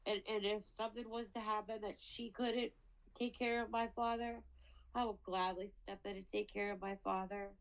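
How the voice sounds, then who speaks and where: At a hearing conducted by video call, a woman of medium pitch and little pitch movement makes an emotional plea for her father. The audio is poor, and she speaks haltingly, repeating words through tears.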